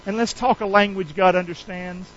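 Pastor guy preaching, high voice, folksy slang, keeps asking the church to say it back, kinda muffled lo-fi. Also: steady tone, normal speed, slight background noise. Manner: call-and-response preaching, asks the church to repeat lines; folksy, drops into casual slang between scripture. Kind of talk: sermon.

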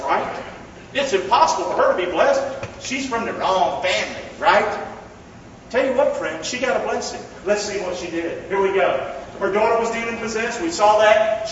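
In a church hall, a pastor preaches a sermon in a high, fairly bright voice, calling on the congregation to repeat phrases back to him. The sound is dull and echoey, captured from far off, with slight background noise.

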